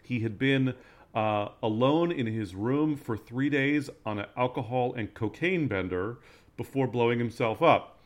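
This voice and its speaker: A man's voice: medium pitch, a little slow. A man on a comedy podcast panel, delivering jokes with plenty of fillers. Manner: joking, deadpan punchlines, many fillers.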